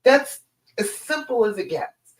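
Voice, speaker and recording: A woman's voice: medium pitch, very animated, a little slow. A woman relationship coach giving a direct, emphatic live stream talk to her listeners. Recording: echoey room.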